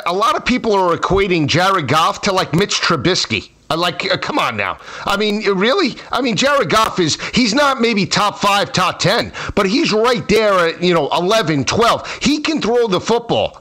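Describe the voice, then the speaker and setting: Man, sports radio guest analyst, high voice, bright tone, measured, filler words. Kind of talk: sports talk radio discussion.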